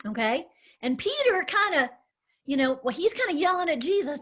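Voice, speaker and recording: A woman leading a children's Bible lesson, animated and encouraging, calling on the children by name. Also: very high-pitched, moderate pace. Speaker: children's ministry teacher.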